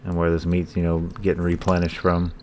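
A man's voice: sits low, completely flat delivery, a little fast, darkish tone, a little hiss or hum. A man hosting a gaming channel, giving profane, joking let's-play commentary and talking back to the characters on screen.

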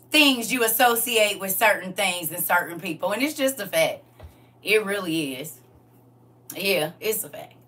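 A woman's voice: lowish voice, pushed and bright. A woman chatting casually on a live stream, laughing often and talking straight to her viewers.

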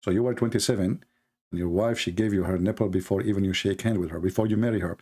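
A man's voice: low voice, steady tone, quick pace, mellow, husky. A man hosting a live stream. He delivers sarcastic, mocking commentary.

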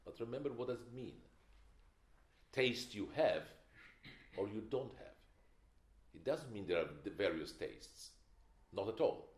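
With a fairly low, animated voice, an older man speaks unhurriedly and leaves long pauses. He is giving an opinionated, emphatic film masterclass lecture laced with wry stories. The lecture hall sound is echoey.

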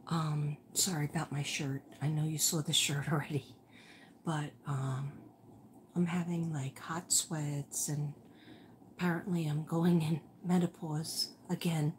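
An older woman hosts a late-night livestream from her home, rambling casually and often sinking to a near whisper. Her voice sits low and her pace is unhurried. A faint hum of room noise sits behind her. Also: fairly even intonation. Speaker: livestream host.

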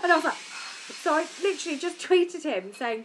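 A young British woman with an English accent chatting casually to camera about family life, lively and a bit tired. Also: very high voice, brisk, background noise. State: tired from lack of sleep. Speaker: vlogger.

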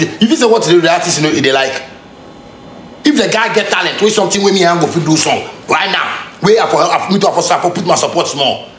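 A man speaks with a strong Ghanaian Pidgin English accent, his voice sitting high and leaping all over the place as he rants. He is confrontational and streetwise, hammering the same phrases again and again. The room is echoey, with a faint hiss of noise underneath. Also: a bit bright. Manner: confrontational, heated, streetwise slang, repeats phrases. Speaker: musician. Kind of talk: angry direct-to-camera rant.

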